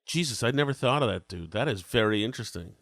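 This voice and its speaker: A man's voice: mid-range voice, expressive, fast talker, fairly bright tone, no echo, studio quality. A man with a cold hosting a podcast, asking wry, probing questions in casual chat. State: has a cold. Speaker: podcast host.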